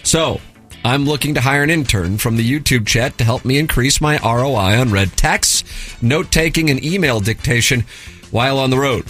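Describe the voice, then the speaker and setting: A man's voice: medium pitch, moderate pace, a bit bright, soft background music. A man hosting a radio show, reading listener emails aloud with a sarcastic, mock-formal delivery.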